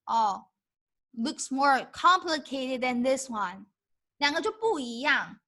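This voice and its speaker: High bright-voiced Mandarin-accented woman teacher. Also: takes it slowly. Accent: Mandarin Chinese. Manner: switches between English and Mandarin, lively and emphatic. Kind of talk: live online language lesson.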